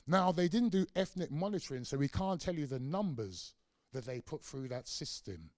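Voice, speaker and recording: A man's voice: fairly high pitch, normal speed, no room sound. A middle-aged man giving a lecture, telling a personal story with lots of life and acting out the voices in it. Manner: animated storyteller, acts out quotes, varies loudness widely. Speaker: guest lecturer. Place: lecture hall.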